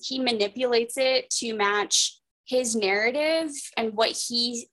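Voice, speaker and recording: A woman's voice: on the high side, slow pace, fairly bright tone, low-quality recording. A woman candidly telling a personal story as a guest, rambling, with many fillers and restarts.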